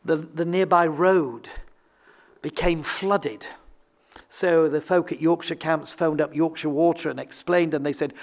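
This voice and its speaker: A man's voice: on the high side, steady tone, measured pace. A man, preaching a sermon in an earnest, emphatic way, often restarting his words. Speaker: visiting preacher.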